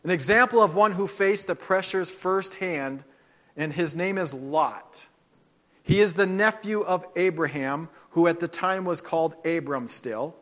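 A man preaching a sermon as pastor, telling stories with animation and dropping into soft, earnest tones. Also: high-pitched, a little slow.

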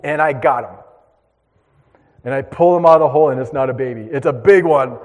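Animated storytelling pastor, man, in a reverberant hall. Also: fairly high pitch, brisk. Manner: animated storyteller, acts out voices and shouts. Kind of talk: storytelling sermon.

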